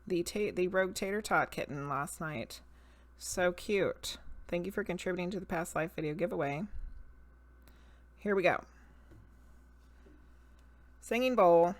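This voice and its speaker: A woman's voice: on the low side, a little slow, long pauses. A woman streaming live as a medium and tarot reader, chatting casually with viewers, laughing often and greeting them by name. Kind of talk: casual live-stream chat and card reading.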